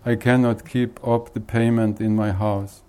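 A man's voice: on the low side, level tone, a little slow, dark tone, clean tone, natural voice. A man voicing a desperate man who pleads and whimpers to God for help. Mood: pleading.

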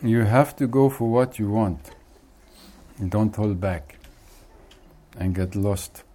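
A man's voice: lowish voice, mellow. A man who is a spiritual teacher, chuckling as he tells a joke in casual talk. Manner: unhurried, chuckling often.

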